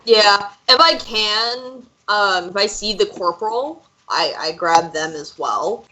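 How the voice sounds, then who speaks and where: A woman playing a tabletop game, speaking politely and earnestly, sometimes pausing to search for words. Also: mid-range voice, bright, forceful tone, slight background noise, low-quality recording. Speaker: player. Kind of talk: tabletop game role-play.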